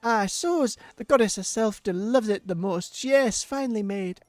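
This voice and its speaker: A streamer voicing a whimsical traveling magical girl with a put-on Irish-Scottish lilt, speaking slowly and floridly. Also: medium pitch, dry recording, soft background music, pitched above the performer's own voice, lightly acted. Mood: dreamy. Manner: slow, flowery, sing-song.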